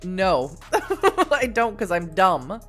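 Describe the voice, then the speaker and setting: Woman streamer, lowish voice, playful jokey commentary, reading a text adventure. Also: lively intonation, slow, a bit bright, soft background music. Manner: playful, laughing, joking, swearing. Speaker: streamer playing a text game. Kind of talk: reading aloud with casual commentary.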